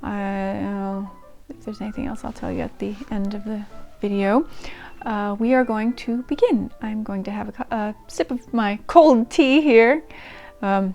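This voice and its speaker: A woman's voice: medium pitch, creaky, a little mellow. A woman hosting a diary-reading channel, talking casually to her audience in a chatty, self-deprecating way with frequent ums and restarts. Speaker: channel host reading old diaries. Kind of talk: casual chat to camera.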